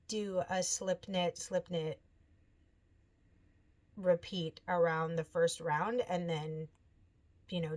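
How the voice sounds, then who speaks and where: A woman in her thirties chats casually to her viewers about her knitting projects. She tells her stories in an animated way, quoting people in lively voices. Her voice sits in a middle pitch. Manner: chatty, animated storytelling with quoted voices. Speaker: knitting podcast host. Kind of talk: casual chat.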